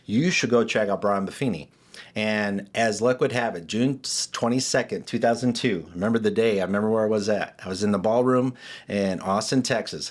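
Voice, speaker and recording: Animated storytelling man, low voice. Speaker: guest, real estate agent. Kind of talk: storytelling interview.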